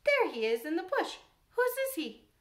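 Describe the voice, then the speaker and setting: A woman's voice: very high-pitched, big pitch swings, fairly bright tone, pitched above the performer's own voice, exaggerated voice. A woman doing a cheery country boy. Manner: quick, easy, good-humoured.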